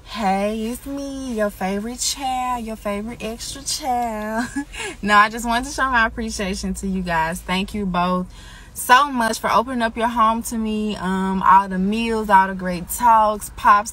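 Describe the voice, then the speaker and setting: A woman records a casual tribute, teasing and laughing, then quieter as her feelings come through. Her talk is relaxed and loose. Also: medium pitch, measured pace. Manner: warm, joking, gets emotional and soft. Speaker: church member giving a tribute. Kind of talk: casual heartfelt video message.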